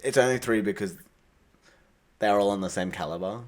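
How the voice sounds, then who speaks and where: A man's voice: fairly low pitch, brisk. A young man, co-hosting a podcast and dropping dry, teasing comments. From Australia. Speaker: podcast co-host. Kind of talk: casual chat.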